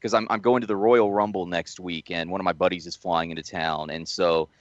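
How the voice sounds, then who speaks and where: A man's voice: low-pitched, steady tone, fairly quick, no echo, muffled recording. A man co-hosting a podcast, telling a long anecdote in casual chat with restarts and laughs along the way. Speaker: podcast co-host.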